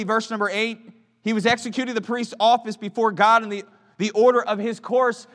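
Man preaching a sermon, high and very expressive, swinging from hushed to loud, reverberant church. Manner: dramatic swings between hushed and loud emphatic delivery. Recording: church sanctuary with long reverb.

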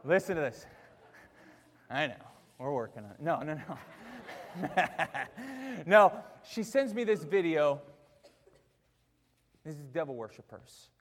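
A man preaches into a clip-on mic in a large church, his voice set a little high for a man, with a long reverb trailing each phrase. He drops to chatty, self-mocking asides and laughs with the congregation, then climbs to shouted peaks. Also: very animated, slow, long pauses, a little hiss or hum. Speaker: pastor. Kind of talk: sermon. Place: church auditorium. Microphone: wearing a mic.

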